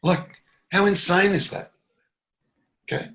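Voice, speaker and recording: Bright-toned man teaching. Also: mid-range voice, unhurried, long pauses. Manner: reflective, laughs often, emphatic when pressing a point. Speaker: spiritual teacher. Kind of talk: satsang dialogue.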